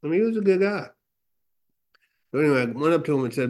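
A man's voice: a little high, expressive, fast talker, darkish tone. Middle-aged guy sharing his sobriety story, chatty, lots of uh and he goes. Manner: candid storytelling with quoted dialogue and fillers. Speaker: recovery meeting speaker. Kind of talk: personal testimony.

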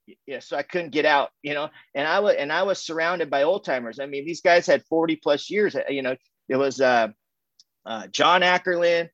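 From home via video call, a man gives a casual personal share of his recovery story at a meeting, rambling with frequent fillers, restarts, and laughs. His voice is fairly high and a bit bright, his pace moderate, and the recording lacks room sound and has its highs cut off.

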